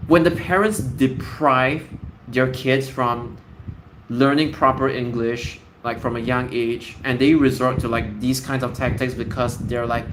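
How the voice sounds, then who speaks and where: A man's voice: mid-range voice, unhurried. A young man ranting in casual commentary, blunt and profane, full of fillers and restarts. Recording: noisy background ambience.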